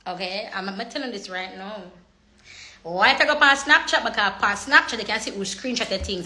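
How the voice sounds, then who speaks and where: A woman's voice: mid-range voice, expressive, a little fast, sharp tone. A young woman chatting casually on a phone livestream, slipping into patois and laughing often. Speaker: social media personality.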